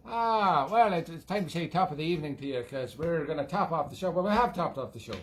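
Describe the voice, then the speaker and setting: A man's voice: on the high side, lively intonation, fast talker, close to an everyday voice. A Scottish man voicing a boozy, cheeky male leprechaun who hosts a music show, in an exaggerated put-on Irish lilt, rambling into nonsense. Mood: jolly. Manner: rambling, jokey, drifting into nonsense. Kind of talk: comic character monologue.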